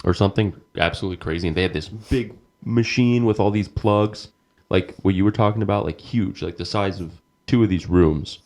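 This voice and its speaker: Low-voiced young man, rambling. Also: fairly quick, a little mellow. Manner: rambling, lots of "like", mimics sounds. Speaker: podcast co-host. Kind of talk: casual chat.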